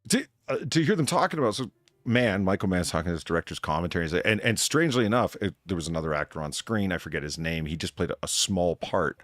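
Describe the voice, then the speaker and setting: A man's voice: low voice, expressive, fast talker, no echo. A man hosting a podcast in casual, rambling chat, swearing freely and gushing about what impresses him. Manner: rambling, profane, enthusiastic. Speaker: podcast host.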